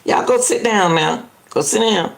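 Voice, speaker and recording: A woman reacts live to a news clip, indignantly arguing back at it, repeating herself, and chatting casually and talkatively straight to her viewers. She has a mid-range voice with vocal fry and speaks at a measured pace.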